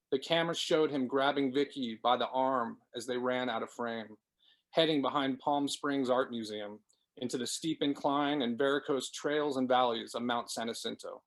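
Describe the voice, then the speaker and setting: A man, the author, reading his novel aloud in a steady, measured way. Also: medium pitch. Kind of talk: dramatic book reading.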